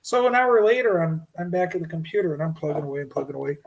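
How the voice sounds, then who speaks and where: Animated man telling a spooky story. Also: a little high, very fast, gravelly, poor audio. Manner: animated, acts out his own shouting in stories. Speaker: guest storyteller. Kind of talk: casual storytelling on a podcast.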